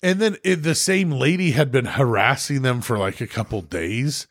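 Clean studio sound without echo captures a man hosting a podcast, his voice medium-pitched and moderately paced. He's an animated storyteller who curses heavily and laughs a lot in a casual conversation.

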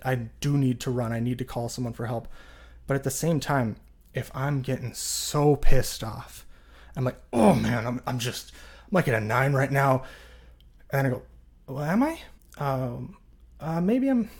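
A man's voice: medium pitch, a little mellow. A man in his thirties, a podcast guest, talking earnestly and reflectively in casual interview conversation, full of "you know" fillers. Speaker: podcast guest, jail chaplain.

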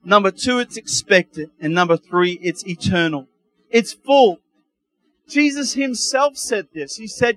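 High-voiced preaching man, dry sound. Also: measured pace, no room sound, low-quality recording. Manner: lively preaching with asides and chuckles. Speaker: pastor. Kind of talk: sermon.

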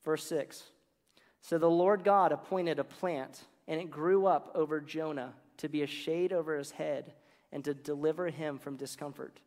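A man delivers a sermon in a loose, joking storytelling manner, tossing slangy asides into the scripture he retells. His voice sits a little high for a man. It rings with the long reverb of a big hall. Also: fairly even intonation, moderate pace, darkish tone. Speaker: preacher.

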